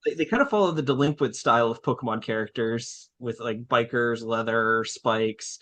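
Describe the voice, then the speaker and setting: A man's voice: medium pitch, normal speed, a bit bright. A man co-hosting a casual review podcast, explaining things in an easygoing way. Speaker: podcast co-host.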